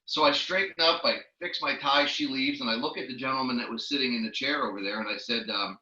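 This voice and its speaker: Male trainer with a bright, sharp voice who tells lively stories, recorded in an echoey, muffled room. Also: medium pitch, fast talker. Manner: lively storyteller who acts out the people he quotes. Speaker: network marketing trainer. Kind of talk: training talk with personal stories.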